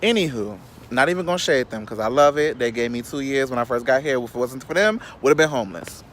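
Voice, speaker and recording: A South Side Chicago vlogger, a man with a medium-pitched voice, rants through a casual storytime against slight background noise. He's sassy, animated and profane, tossing quick asides to his viewers.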